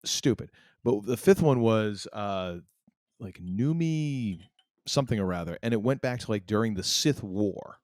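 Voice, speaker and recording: A man co-hosting a podcast, chatting casually in a rambling, animated way. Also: fairly low pitch, no echo, clean studio sound. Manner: rambling, animated, quick laughs. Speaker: podcast co-host. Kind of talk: casual chat.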